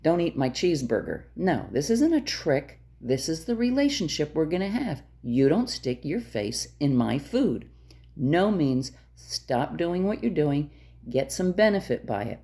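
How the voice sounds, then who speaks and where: Low gravelly-voiced woman dog trainer. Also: very animated, unhurried, dark tone. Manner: direct, emphatic, repeats key points. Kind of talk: instructional talk to camera.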